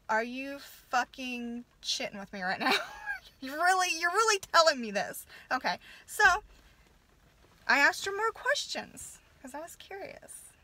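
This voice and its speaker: High bright furious woman ranting. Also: no room sound. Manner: furious, profane, stumbling restarts. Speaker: vlogger, mother. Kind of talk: angry casual rant.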